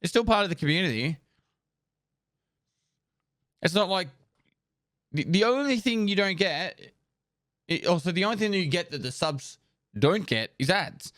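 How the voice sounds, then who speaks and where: Smooth-voiced streamer rattling off thank-yous. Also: male voice, high voice, expressive, a bit bright, no room sound, studio quality. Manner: rattles off viewer names and thanks in quick bursts, loose and joking, swears. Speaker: live streamer. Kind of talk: casual live-stream chat, reading out subscriber thank-yous.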